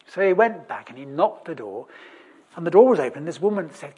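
A preacher with a husky, breathy tone and a middle-range voice delivers a chatty sermon. The delivery is humorous, full of wry asides and questions to the congregation. It is punctuated by restarts and sudden loud bursts of emphasis. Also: mid-range voice, lively intonation, brisk. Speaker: preacher in a church service.

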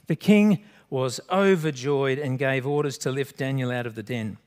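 A man preaching a sermon, reading scripture aloud expressively with large swings in pitch and loudness. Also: moderate pace, hardly any pauses. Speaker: pastor.

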